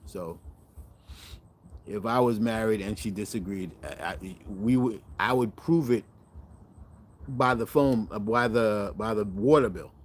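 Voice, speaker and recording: A man's voice: fairly low pitch, measured pace, pauses often, slight background noise. A middle-aged man hosting a cooking channel, chatting casually to viewers in a rambling, self-correcting way and animating his stories.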